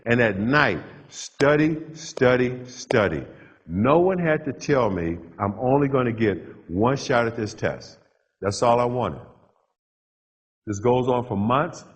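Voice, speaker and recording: A middle-aged man giving a motivational keynote, telling his own story in short punchy phrases with dramatic pauses. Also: mid-range voice, animated, husky. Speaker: motivational speaker. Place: large hall with a live audience. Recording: dull lo-fi live hall recording.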